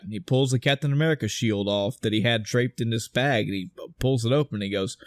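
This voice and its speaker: A man co-hosting a podcast, excitedly retelling a film scene by scene, swearing and acting out the dialogue. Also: medium pitch, quick pace, few pauses, no room sound. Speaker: podcast co-host. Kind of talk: casual film discussion.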